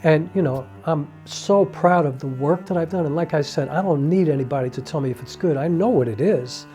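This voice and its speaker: Earnest man reflecting, soft-toned voice. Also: fairly high pitch, brisk, soft background music. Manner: earnest, heartfelt, with many "you know" fillers; acts out quoted dialogue with raised voice. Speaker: independent filmmaker and playwright. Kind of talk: reflective monologue to camera.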